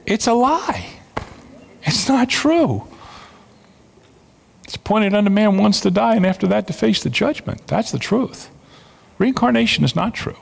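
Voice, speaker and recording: Guy preaching, lively up and down pitch, kinda high voice, emphatic, long hall echo. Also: measured pace, creaky, pauses often, husky. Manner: emphatic preaching, repeats key phrases. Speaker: pastor. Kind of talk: sermon. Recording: long reverb of a large hall.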